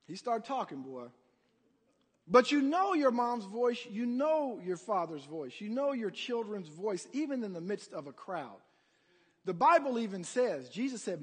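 A male preacher delivering an animated sermon, calling out to the congregation. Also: high voice, unhurried, breathy edge. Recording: long hall reverb.

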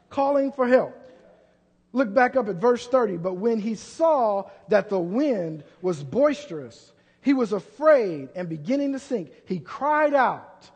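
A man preaching a sermon as pastor, full of rhetorical questions and swinging between loud and soft. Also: high voice, slightly rough. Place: church. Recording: long church hall reverb.

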